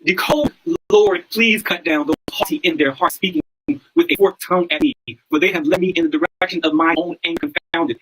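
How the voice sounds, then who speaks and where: A man's voice: a little high, fairly even intonation, brisk, bright, forceful tone, breathy edge, poor audio. A man hosting a livestream monologue, preaching in a repetitive way and often asking listeners whether they understand. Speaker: livestream host.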